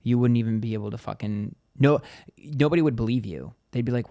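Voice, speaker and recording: A man at an ordinary middle pitch gives a loose, chatty tarot reading straight to his viewers. He swears freely and drifts into acting out small imagined scenes. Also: fast, vocal fry, warm tone. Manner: chatty and profane, acts out little scenes. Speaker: tarot reader. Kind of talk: casual tarot reading to camera.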